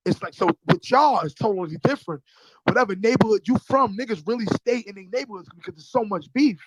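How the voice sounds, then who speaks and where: A man's voice: high-pitched, quick pace, no room sound, poor audio. A man, a rapper guest who tells a story with energy, swears freely and acts out the other voices. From New York. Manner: streetwise, profane, acts out voices in his stories. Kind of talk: animated storytelling.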